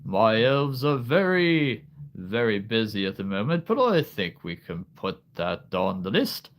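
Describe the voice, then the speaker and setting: A man voicing a jolly Santa Claus talking kindly to a child, in a booming, drawn-out voice. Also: big pitch swings.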